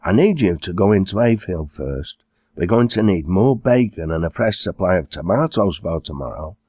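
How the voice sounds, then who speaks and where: A kindly, fussing middle-aged farmer's wife, played by a male narrator. Her voice sits somewhat above his deep natural register, with a husky grain. She speaks with a lively, sing-song lift. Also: moderate pace, no room sound, studio quality. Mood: motherly.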